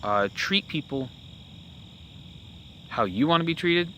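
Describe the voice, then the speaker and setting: A young man talks casually as a podcast host, his voice bright and forward. He rambles, restarting sentences and filling gaps with "uh" and "you know". Faint hiss and insect sounds sit behind him. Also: fairly high pitch, animated, takes it slowly. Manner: rambling, with many fillers and self-corrections. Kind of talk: casual opinion monologue.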